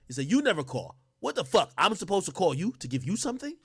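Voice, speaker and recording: A man co-hosting a livestream who reads text messages aloud and reacts loudly, using heavy slang and cursing. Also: on the high side, big pitch swings, fast, hardly any pauses, husky, no room sound, clean studio sound. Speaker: livestream co-host. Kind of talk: casual livestream commentary, reading texts aloud.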